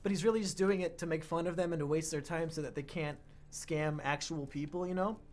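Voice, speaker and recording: A man co-hosting a casual podcast chat, talking fast and joking, often breaking into laughter. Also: a little high, steady tone, darkish tone. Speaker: podcast co-host.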